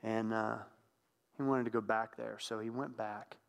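A man's voice: on the low side, fairly even intonation, measured pace, gravelly, smooth. Reflective male preacher in a reverberant hall. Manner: conversational and reflective, drops to a hushed tone at times. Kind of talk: sermon.

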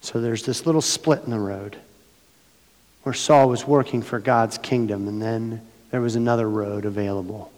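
A middle-aged man preaching a sermon as pastor, his voice hoarse from losing it, earnest and building to emphatic passages. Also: on the low side, fairly even intonation, normal speed, a little mellow, big-room sound. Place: church sanctuary.

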